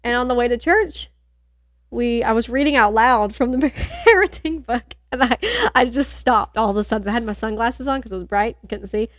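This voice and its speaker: Woman, podcast co-host, casual chat, frequent laughter, fairly high pitch, dry sound. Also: lively intonation, moderate pace, no echo. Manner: chatty, laughs often, rambling.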